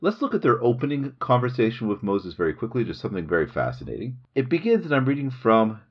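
Man, middle-aged, podcast host, Bible lesson, animated pitch, husky, dull lo-fi recording. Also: fast. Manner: lively explanatory storytelling, reads Hebrew aloud. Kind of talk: Bible study podcast lecture. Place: home recording room in the hills.

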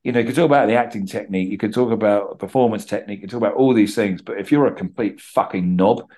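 Man, English accent, middle-aged, lowish pitch, chatty podcast guest, animated storytelling. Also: fast talker. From England. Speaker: guest actor. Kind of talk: casual podcast interview.

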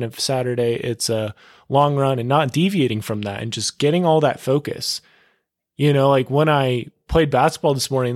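An upbeat young man talks casually on his solo podcast. His voice sits at a middle pitch and is recorded dry, with no room sound. He is eager and chatty, with lots of filler words. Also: no echo. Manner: excitable, upbeat, full of filler words and "dude". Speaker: podcast host.

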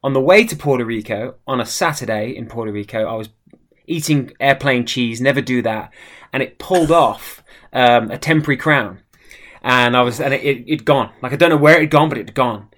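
A person telling a story in a casual chat, in an animated way. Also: medium pitch, brisk.

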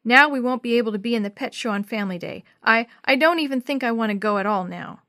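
A woman's voice: on the high side, fast, bright, forceful tone, no room sound, clean studio sound. A woman reading the lines of an upset, stubborn young girl from a storybook. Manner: sulky, indignant.

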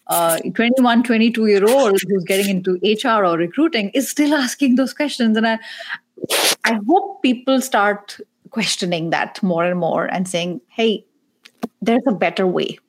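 A woman's voice: medium pitch, normal speed. A woman career coach and podcast host talking animatedly in a casual panel discussion, joking and exasperated.

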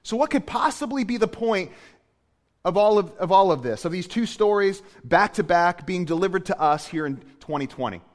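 A man preaches a sermon with a slightly high voice, dropping to hushed tones before rising into loud, emphatic lines. His voice rings with the long reverb of a church hall. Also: lively intonation, normal speed. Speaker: pastor.

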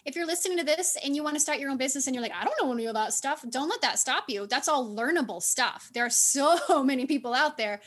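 Brief: thirties woman, light Southern lilt, high voice, upbeat guest who laughs easily. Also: fast, hardly any pauses, a bit bright. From Southern United States. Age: 30s. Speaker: guest, business owner. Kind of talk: casual interview chat.

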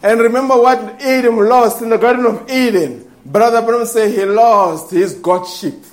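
A man preaching a fervent sermon, breaking into shouts and laughing exclamations as he calls for responses. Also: very high voice, normal speed.

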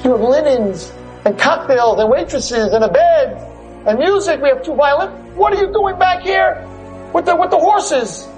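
A man voicing a gruff train conductor who shouts orders and scolds a stowaway. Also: medium pitch, sing-song, fast talker, soft background music, lightly acted, rough recording. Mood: indignant.

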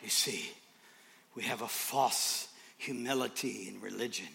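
A man preaching a sermon, swinging from hushed whispers to shouts with repetitive, emphatic phrasing. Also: fairly low pitch, measured pace, creaky, slight background noise.

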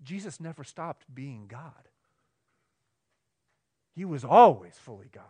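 Guy preaching a sermon, kinda high voice, goes big then drops real quiet, keeps asking "right?". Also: expressive, slow pace, husky. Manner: swings from emphatic to quiet and low; asks the room questions, conversational. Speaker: pastor.

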